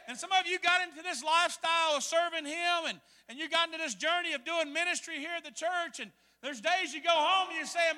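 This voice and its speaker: High-voiced animated man preaching. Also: fairly quick, hardly any pauses, in a large hall. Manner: animated, acts out voices in his story. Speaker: pastor. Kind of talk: storytelling sermon. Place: church hall.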